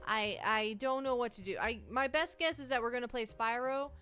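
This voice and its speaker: A woman's voice: fairly high pitch, moderate pace, sharp tone. A nervous woman streamer chatting casually, rambling and restarting her sentences, anxious and shaky. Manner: nervous, rambling, self-interrupting. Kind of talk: casual live-stream chat.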